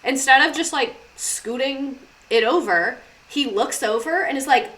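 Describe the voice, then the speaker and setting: A woman's voice: high voice, unhurried, pushed and bright. A young woman streaming, chatting casually and swearing freely as she drifts off on tangents. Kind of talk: casual chat, live stream.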